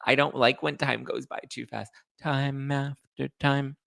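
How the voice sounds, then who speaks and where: A man hosting a casual livestream and reading chat comments, sassy and quick to get fired up, with bursts of loud outrage. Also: medium pitch, flat delivery, creaky, no echo. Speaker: podcast host reading live chat.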